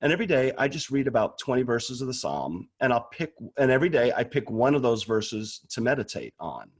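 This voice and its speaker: Very animated and fairly quick, this man with a mid-range voice speaks as a guest on the subject of prayer. His talk is casual and candid, with frequent restarted words.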